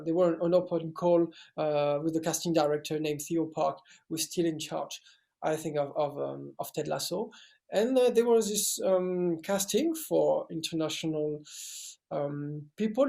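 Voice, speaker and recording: A young man speaking English with a French accent, his voice a little raised in pitch and carrying a gravelly edge. He answers casual interview questions, pausing often and restarting his phrases. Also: darkish tone. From France. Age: young adult. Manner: hesitant, many fillers and restarts. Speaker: actor guest.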